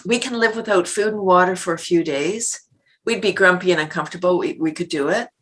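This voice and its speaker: Talking fairly quickly in a low-ish, somewhat bright voice, a middle-aged woman guests on a podcast. Her casual interview chat is animated, full of laughter and little acted-out everyday moments.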